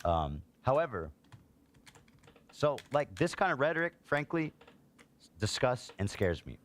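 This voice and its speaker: A man's voice: mid-range voice, sing-song, unhurried. A man, a father, streaming heated political commentary, reading posts aloud and reacting with exasperated indignation. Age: adult, a parent.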